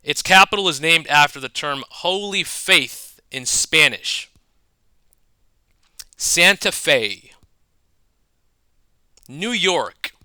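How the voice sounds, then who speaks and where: Male educator, higher-pitched, crisp tone, measured narration with punny asides. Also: expressive, sharp tone, no echo. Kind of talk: scripted explanatory narration.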